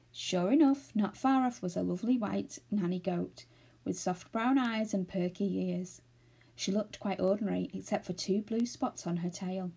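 A woman reading a children's novel aloud, steady and expressive. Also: medium pitch, normal speed, vocal fry, breathy edge. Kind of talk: storybook read-aloud.

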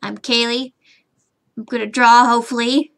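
A woman with a fairly high, creaky, slightly bright voice talks in a flat way at normal speed while streaming her drawing. She rambles to herself, hums and mutters as she works, and casually swears at her computer out of frustration.

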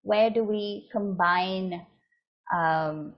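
In a recorded lecture with slides, a woman teaches about chanting, explaining patiently and frequently checking in with "right?" She speaks very slowly at a medium pitch, and the recording is muffled and lo-fi.

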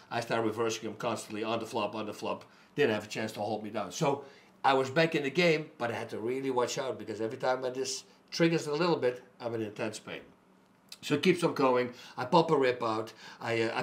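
A middle-aged man, a fighter, telling a personal story in an animated way that turns loud and emphatic. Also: mid-range voice. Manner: animated, gets loud and emphatic when indignant.

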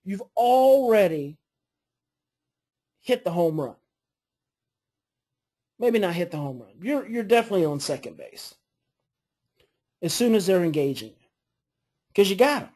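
A woman coaching a parenting class, explaining earnestly and modeling calm phrases to say. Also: medium pitch, measured pace, long pauses, slightly rough.

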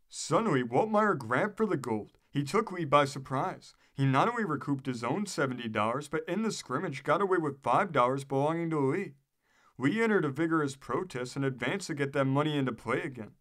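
A man narrating an old newspaper article in a steady, measured reading voice. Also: fairly high pitch. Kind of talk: read-aloud narration.

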